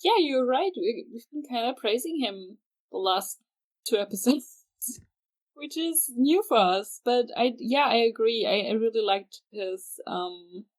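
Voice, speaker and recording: A woman's voice: fairly high pitch, expressive, a little slow, low-quality recording. A woman co-hosting a fan podcast in casual chat, speaking hesitantly with restarts and fillers. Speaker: podcast co-host.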